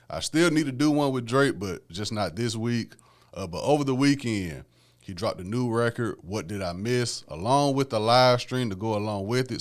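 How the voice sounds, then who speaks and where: A man hosting a podcast alone, talking about music in a laid-back, conversational way and often adding "man" and "you know what I'm saying". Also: sits low. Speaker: podcast host. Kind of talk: casual solo music commentary.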